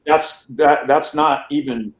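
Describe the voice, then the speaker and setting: A man on a podcast recounts his life story as the interview guest, rambling casually, often restarting words and checking in with "right?". His voice is on the high side and slow, with a reverberant sound.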